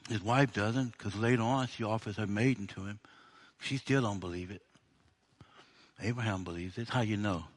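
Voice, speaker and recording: A man preaching a sermon in a conversational, humorous way, acting out the dialogue of the story. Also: fairly low pitch.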